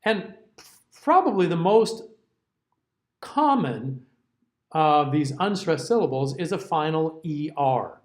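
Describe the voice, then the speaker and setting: Guy teaching diction to singers, kinda high voice, keeps asking okay?. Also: very animated, takes it slowly, pauses often. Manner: explanatory, checks in often with okay; sings example words out. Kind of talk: classroom lecture.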